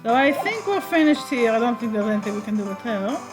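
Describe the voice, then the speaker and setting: A woman's voice: fairly high pitch, big pitch swings, quick pace, music in the background, poor audio. A woman from Israel with an Israeli accent, streaming a game and making wry asides. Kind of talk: game reading livestream.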